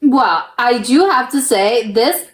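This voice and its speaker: A young woman with a fairly high voice talks through her reactions in a relaxed, chatty way, often restarting her sentences and laughing as she thinks aloud. The room around her has a noticeable echo. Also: slow pace. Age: young adult. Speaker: reaction video host. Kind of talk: casual reaction commentary.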